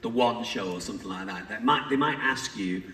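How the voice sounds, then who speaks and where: Panel guest, male, low voice, chatty storyteller, distant mic in a hall. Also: fairly quick, bright, forceful tone, a little hiss or hum. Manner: chatty, storytelling, laughs often. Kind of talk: casual panel chat. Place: large convention hall.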